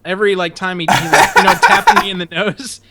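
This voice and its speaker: A young man tells a story on a podcast in a loose, profane way. His voice sits a touch high. He laughs often and barks out shouted quotes as he goes. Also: wildly swooping pitch, quick pace, heavy background noise. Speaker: podcast host. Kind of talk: casual storytelling.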